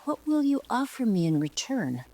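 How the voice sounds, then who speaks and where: A woman's voice: fairly high pitch, big pitch swings, moderate pace, dark tone, no room sound, voice pushed up. An older woman voicing a vain, pompous male peacock who squawks haughtily in a storybook. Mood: haughty.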